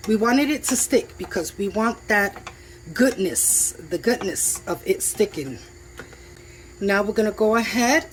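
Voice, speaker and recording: A woman's voice: mid-range voice, a little hiss or hum. A woman casually narrating her home cooking for viewers in a chatty, enthusiastic way, talking from her kitchen stove. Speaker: home cook vlogger. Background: food sizzling in a pan.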